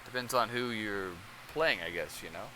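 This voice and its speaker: A man's voice: on the low side, moderate pace, bright, forceful tone, a little hiss or hum, rough recording. A man hosting a channel, talking in rambling casual commentary and often checking in with the listener. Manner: rambling, conversational, keeps checking in with okay. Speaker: channel host.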